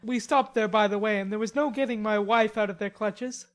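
A woman's voice: mid-range voice, brisk, voice pushed up, lightly acted. A woman voicing a playful, mischievous young man in an audiobook reading, speaking in a teasing, cheerful way. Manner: teasing, cheerful, mock-penitent.

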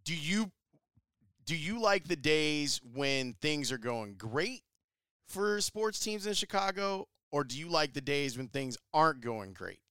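Bright, smooth-voiced male interviewer. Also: on the high side, animated, measured pace, no echo. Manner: friendly, conversational, short interjections. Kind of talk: interview questions.

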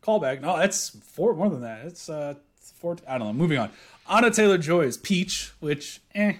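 Man, podcast co-host, lively swinging pitch, slightly high voice, joking casual chat. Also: normal speed. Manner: animated, joking, swearing.

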